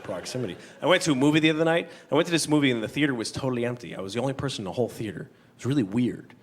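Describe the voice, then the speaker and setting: A man doing a stand-up comedy set on a theater stage, telling rambling deadpan stories and jumping into high, loud voices for the people in them. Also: rapid-fire. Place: large theater stage before a live audience. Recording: noisy live theater recording with crowd. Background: audience laughter.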